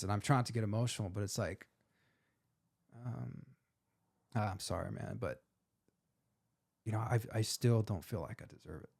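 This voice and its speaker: A man in his forties with a low, gravelly voice opens up in a candid interview. He talks in a heartfelt, emotional way, dropping casual words as he goes. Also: a little mellow. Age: 40s. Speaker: firefighter guest.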